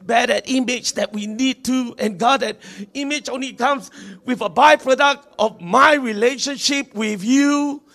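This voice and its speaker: A man leading a congregation in fervent prayer, repeating invocations and rising to shouts. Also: very high voice, a little slow. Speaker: pastor. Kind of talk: sermon prayer.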